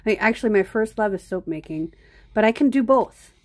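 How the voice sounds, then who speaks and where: Mellow-voiced chatty woman streaming live. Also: mid-range voice, lively intonation, fairly quick. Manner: rambling, chatty, talks straight to viewers. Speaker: art live-stream host. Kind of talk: casual live-stream chat.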